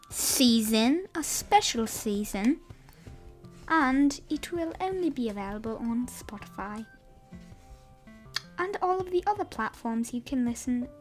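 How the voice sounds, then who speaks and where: A woman hosting a casual podcast, rambling and hesitant, often correcting herself, with wry, self-deprecating humor. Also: a little high. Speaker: podcast host. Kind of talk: casual unscripted podcast update.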